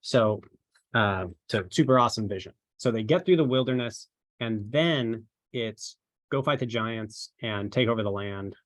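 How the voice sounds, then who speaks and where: A man with a fairly low voice leads an informal training session. He rambles conversationally and keeps asking rhetorical questions. The sound is dry and close, with little room. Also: unhurried, no echo. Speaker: ministry marketing trainer.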